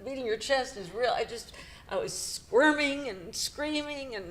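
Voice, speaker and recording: A middle-aged woman co-hosting a podcast, retelling a painful personal story in a halting, emotional way with nervous laughs. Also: high voice, a bit bright. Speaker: podcast co-host.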